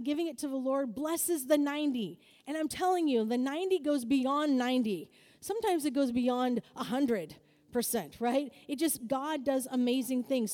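Woman preacher, high and mellow voice, lively and talky, asks the room for answers, long hall echo. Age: adult, married. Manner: lively, calls for audience answers, acts out quoted voices. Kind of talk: sermon-style teaching to a group.

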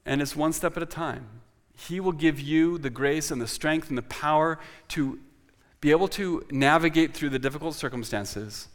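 A man's voice: a little high, moderate pace. Male pastor, earnest sermon and prayer, stumbles and restarts, long hall reverb. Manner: earnest, with frequent restarts and repeated words.

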